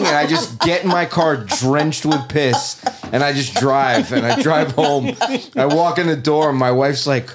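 A man's voice: medium pitch, lively intonation, a little slow, crowd noise. A middle-aged man on a podcast, telling a crude story in a rambling way and acting out his own reactions. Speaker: podcast guest. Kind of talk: casual comedic storytelling.

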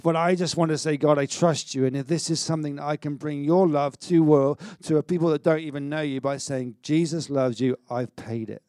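A middle-aged man preaching a sermon in an energetic, conversational way, with stammered restarts and self-mocking humour. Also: on the high side, a little fast, few pauses, clean tone, no echo, studio quality. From Wales. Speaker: pastor.

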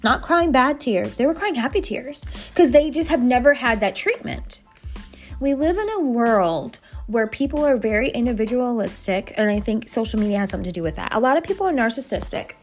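Brief: higher-pitched woman, chatty podcast host, faint music behind. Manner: lively, chatty, lists things quickly. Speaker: podcast host, brand designer. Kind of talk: casual solo podcast advice. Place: home office.

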